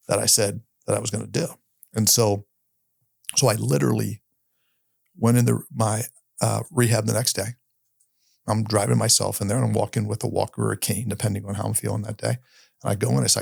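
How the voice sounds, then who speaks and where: A middle-aged man, a podcast guest, telling a personal story in a candid, halting way, often restarting and repeating his words. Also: lowish voice, steady tone, creaky, darkish tone, dry recording, clean studio sound. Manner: candid, occasionally swears.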